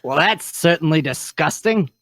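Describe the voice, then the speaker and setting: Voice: medium pitch, lively intonation, normal speed, fairly bright tone, no echo, studio quality. A reader voicing a friendly male gerbil sidekick in a live fan fiction read-through, in an easygoing, chummy tone.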